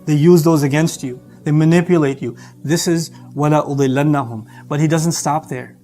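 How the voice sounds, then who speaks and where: A male preacher whose voice sits high for a man, delivering an emphatic, animated sermon. He acts out little scenes of dialogue as he speaks. Faint music plays underneath. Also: moderate pace.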